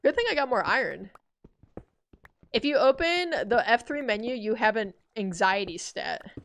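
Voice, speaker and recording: A woman in her twenties giving casual gameplay commentary, animated and self-deprecating, cursing as she rants. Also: a little high, moderate pace. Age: 20s. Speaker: gaming streamer.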